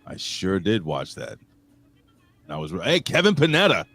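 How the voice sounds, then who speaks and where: This man hosts a casual wrestling podcast in a rumbling low, creaky voice, animated but at a measured pace. He jokes around, shouts out chat commenters, and alternates loud and quiet.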